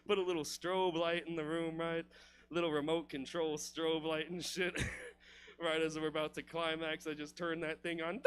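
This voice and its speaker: A man's voice: on the high side, a bit bright, slight background noise. A man doing a loose, profane stand-up comedy set in a comedy club, laughing at his own jokes.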